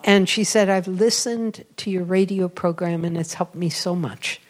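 A woman giving a sermon-style testimony, storytelling and confiding, often dropping to a soft whisper for emphasis and laughing at herself. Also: fairly low pitch, moderate pace. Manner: self-deprecating, laughs at herself. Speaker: religious speaker with a radio program.

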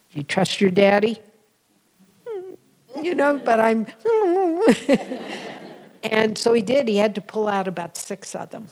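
Woman preacher type, earnest and intimate, uses hushed asides, average pitch. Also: expressive, measured pace, low-quality recording. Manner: earnest, intimate, drops to whispers for emphasis. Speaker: speaker giving a spiritual talk. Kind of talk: sermon-style personal storytelling.

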